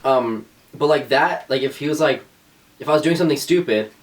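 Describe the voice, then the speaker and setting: A young woman co-hosting a casual podcast chat, sarcastic and animated, laughing often and acting out the people in her stories. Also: a bass voice, fairly quick, recorded from a distance. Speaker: podcast co-host.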